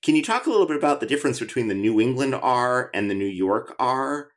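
A man's voice: mid-range voice, animated, fast talker. A man hosting an interview show, talking in a chatty, enthusiastic way with frequent restarts. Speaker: podcast host. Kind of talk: conversational interview.

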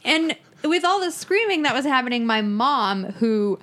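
A woman in her thirties in casual chat, telling an animated, self-mocking story and laughing often. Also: high voice, moderate pace.

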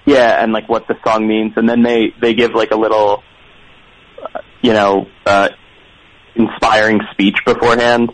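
Guy from philly calling into a radio show, stammers a lot, kinda low voice, dry close sound. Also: little pitch movement, normal speed, pauses often, dry recording, low-quality recording. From Philadelphia. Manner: hesitant, stammering, low-key. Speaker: caller. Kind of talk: phone call-in chat.

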